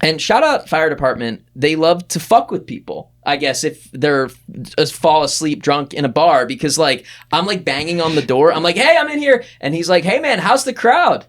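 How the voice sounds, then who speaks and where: Man animated storyteller on a podcast. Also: normal speed. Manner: animated, acts out quoted voices with big pitch jumps. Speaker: podcast producer telling a story. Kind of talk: casual storytelling chat.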